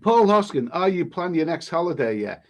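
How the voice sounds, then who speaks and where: A man with a somewhat higher-pitched voice, chatting casually on a live stream. He reads viewers' comments aloud and answers them in a halting, easygoing way, often restarting his sentences. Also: sing-song. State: coughing now and then. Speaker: travel vlogger reading viewer comments.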